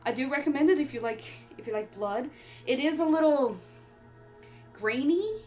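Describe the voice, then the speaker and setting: Giggly canadian woman rambling about a horror movie, kinda high voice, hiccups, quiet music underneath. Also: lively intonation, moderate pace. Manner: chatty, giggly, rambling with frequent laughs. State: has the hiccups. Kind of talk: casual movie review vlog. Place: home on an island in eastern Canada.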